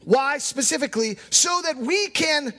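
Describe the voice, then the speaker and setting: A man pastor preaching a sermon with emphatic delivery, at times raising his voice to a shout. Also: very high voice, expressive, a little slow, in a large hall.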